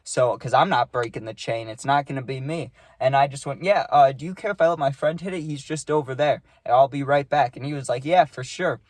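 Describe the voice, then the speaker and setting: Young male vlogger, casual and animated, lots of fillers, dry close sound. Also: mid-range voice, brisk, hardly any pauses, no echo. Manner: animated, rambling, with many likes and rights. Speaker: storytime vlogger. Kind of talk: casual storytelling.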